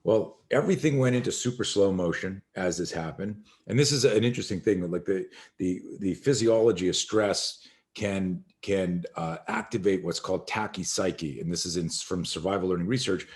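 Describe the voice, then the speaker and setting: A middle-aged man, a self-defense instructor, telling an animated story as a podcast guest and acting out the voices in it. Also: deep voice, moderate pace.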